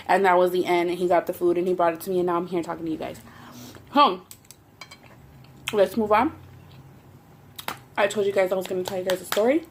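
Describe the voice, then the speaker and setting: This young woman, a mukbang vlogger with a Southern Californian accent, has a low-leaning voice and talks briskly, though with long pauses. She eats while sharing crude, frank stories in a casual, animated style.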